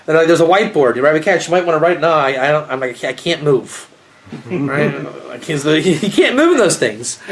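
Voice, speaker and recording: Chuckling South African rabbi, rambling. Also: male voice, a little high, animated, a little fast. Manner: rambling, chuckling, many restarts. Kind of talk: casual storytelling class.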